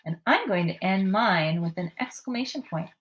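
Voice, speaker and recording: A woman teaching a writing lesson to young children, speaking slowly and clearly and sounding out each word with encouragement. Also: medium pitch, expressive.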